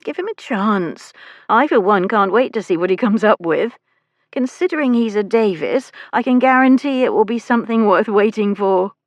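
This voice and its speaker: A woman's voice: mid-range voice, expressive, moderate pace, no room sound, dull audio, pitched above the performer's own voice, close to an everyday voice. Woman voicing an encouraging young wife. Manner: encouraging, confident.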